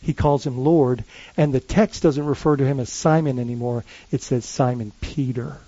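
A man who is a lead pastor, preaching a sermon in a conversational, animated way, often restarting his phrases. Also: medium pitch, moderate pace, dry recording, highs cut off.

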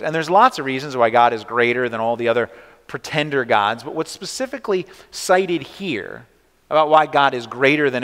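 A man's voice: mid-range voice, a bit bright, long reverb tail. A male pastor giving a sermon in a conversational style, often checking in with "right?" as he explains scripture. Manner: conversational preaching with frequent "right?" asides.

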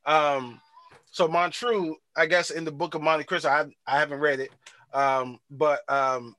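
A man hosting a casual chat, recapping a TV episode in a rambling, slangy, animated way. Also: on the high side, measured pace, no echo. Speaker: podcast host.

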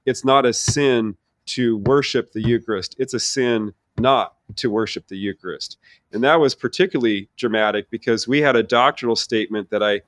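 A middle-aged man, a theology professor, telling his personal faith story in an earnest, animated way with many restarts. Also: on the low side, no echo. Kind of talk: conversational personal testimony.

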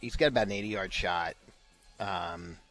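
Co-host, male, lowish voice, rambling storyteller with restarts, faint music bed. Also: moderate pace, fairly bright tone. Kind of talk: casual golf chat.

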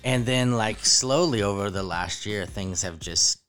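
A man's voice: on the low side, measured pace, a bit bright, soft background music. A man co-hosting a podcast, playful in banter and then explaining things earnestly in a casual way. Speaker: podcast co-host.

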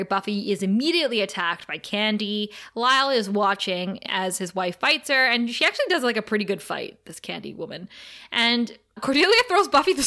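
A woman co-hosting a podcast, recapping a TV episode in casual chat, animated and laughing often as she retells scenes. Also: fairly high pitch. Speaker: podcast co-host.

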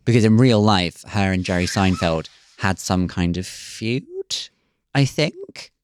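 A comedian guest on a podcast, chatting casually with wry asides. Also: male voice, sits low, animated, a little slow, a little hiss or hum. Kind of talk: casual chat.

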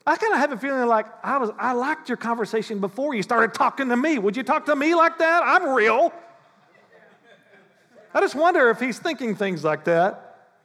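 Male pastor, animated conversational sermon, high voice, reverberant hall. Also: normal speed. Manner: animated, acts out prayers in mock voices.

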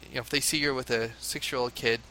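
Here a mid-range male voice moves fast, with a slight hiss or hum in the background. He's a father from the United States recounting a spirited story casually, often laughing and mimicking the chants of crowds.

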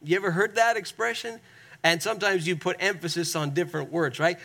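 A man's voice: high-pitched, steady tone, vocal fry, bright, forceful tone. A man preaching a sermon, stretching key words and asking the congregation to repeat after him. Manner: emphatic, drawn-out stresses, asks the congregation to repeat. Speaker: pastor.

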